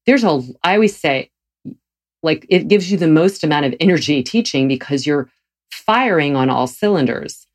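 Woman, very low voice, agreeable, explanatory, chatty. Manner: agreeable, explanatory, talks on with fillers. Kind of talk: conversational podcast talk.

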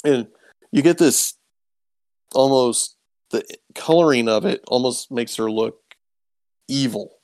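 A man's voice: mid-range voice, slow, long pauses, a little mellow, no echo. A man casually recapping an episode, rambling with ums and acting out quoted lines. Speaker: podcast co-host recapping a show. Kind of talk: casual chat.

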